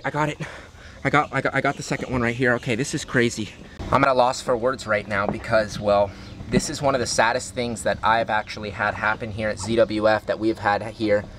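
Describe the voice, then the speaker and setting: A man of ordinary pitch talks straight to the camera, sorrowful and earnest as he calls his viewers "guys." He stands outdoors at an animal enclosure, with faint noise behind him. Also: a bit bright. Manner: saddened, addresses viewers as guys. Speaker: zoo owner and vlogger.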